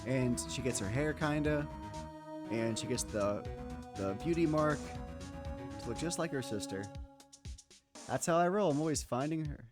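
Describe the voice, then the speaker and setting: A man giving casual let's-play commentary with crude, joking asides. His voice sits at an ordinary middle pitch. Game music runs underneath. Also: moderate pace, long pauses. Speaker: streamer. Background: video game music.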